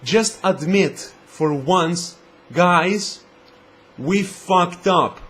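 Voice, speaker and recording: A man's voice: sits high, extremely slow, fairly bright tone, heavily acted. A man putting on the voice of an insincere male corporate spokesman who gushes with fake affection. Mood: mock contrite. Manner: syrupy, mock-sincere.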